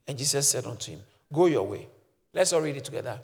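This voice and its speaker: A man preaching a sermon as a pastor, moving between quiet scripture reading and loud shouted exhortation. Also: medium pitch, animated, fast talker, long reverb tail.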